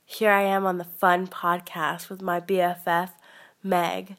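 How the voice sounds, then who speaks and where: A woman's voice: medium pitch, flat delivery, unhurried. A young woman guesting on a playful mock podcast, giggly, jokey and rambling. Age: young adult.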